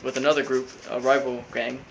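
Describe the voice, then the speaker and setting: A man casually recapping a cartoon episode, rambling with lots of fillers and flat quoted lines. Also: mid-range voice, fairly quick, vocal fry, muffled recording, very noisy. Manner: rambling, full of fillers, quotes characters flatly. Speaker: recap host.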